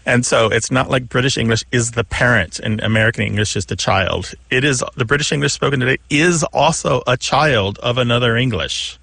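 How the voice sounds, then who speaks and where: A male radio co-host talks through a listener's question in a thoughtful, unhurried way. His voice has a gravelly edge, and the studio sound is dry and close. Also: mid-range voice, pushed and bright, no echo. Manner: thoughtful, explanatory, laughs often. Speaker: radio show co-host, language expert. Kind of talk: casual explanatory radio talk.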